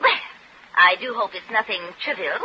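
A woman's voice: medium pitch, expressive, moderate pace, bright, forceful tone. A woman playing a jealous, snooty London society woman in a 1940s radio drama. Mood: haughty. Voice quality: snooty, drawling. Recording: muffled old radio recording with hiss.

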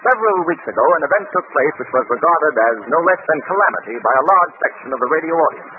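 A man's voice: on the high side, expressive, quick pace, narrow, tinny audio. A man as a radio announcer giving a formal, grandiloquent 1930s introduction. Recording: scratchy 1930s radio broadcast.

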